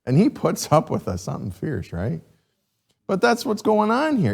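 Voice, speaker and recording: A man teaching a Sunday school class, reading scripture and questioning his students in a lively, chuckling way. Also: sits high, moderate pace, creaky. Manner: animated, asks the class questions, chuckles often.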